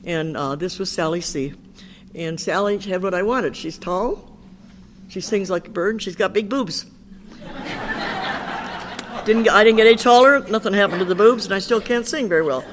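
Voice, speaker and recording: A woman's voice: medium pitch, moderate pace, pauses often, noisy background. Older woman telling her recovery story. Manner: candid, chatty storytelling with quoted dialogue. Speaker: Al-Anon speaker. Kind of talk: personal recovery talk.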